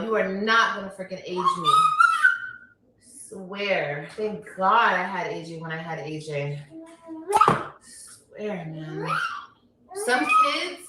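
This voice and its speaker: A woman's voice: mid-range voice, unhurried, heavy background noise. Blunt scolding woman, echoey room. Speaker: livestreamer, mother. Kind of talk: casual livestream talk.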